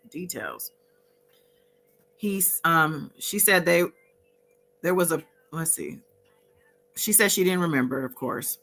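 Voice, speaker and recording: A woman hosting a casual recap, reading out exchanges from her notes with frequent fillers and pauses. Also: deep voice, pushed and bright. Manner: reads out courtroom exchanges from notes, pausing with fillers. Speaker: host recapping a court trial.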